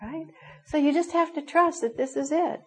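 This middle-aged woman speaks in a high voice at a normal pace, and the recording is rough. Leading a spiritual class, she shares stories with warmth and frequent laughter.

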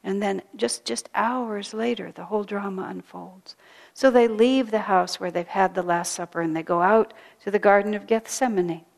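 A woman retelling a sacred story as a spiritual teacher, soft-spoken and earnest, often dropping to a hush and repeating phrases for weight. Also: mid-range voice, moderate pace, vocal fry, big-room sound.

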